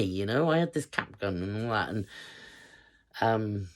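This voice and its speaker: A woman in her fifties from England with a notably low voice tells a personal story in a casual, chatty way. She rambles, pausing often on fillers as she goes. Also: animated. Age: 50s. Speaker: vlogger.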